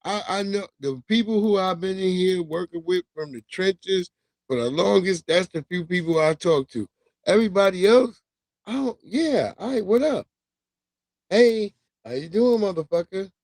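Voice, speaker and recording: A man's voice: sits high, expressive, normal speed, a little mellow, no echo. Profane, laughing male livestream host. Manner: loose, profane, laughing, slangy storytelling. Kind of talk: casual commentary monologue.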